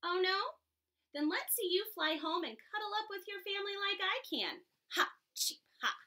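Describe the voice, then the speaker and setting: A woman's voice: very high-pitched, lively intonation, normal speed, pushed and bright, voice pushed up, heavily acted. A woman voicing a mocking duck, dog, cat and bird in a storybook, taunting and scornful. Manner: taunting, scornful, jeering laugh.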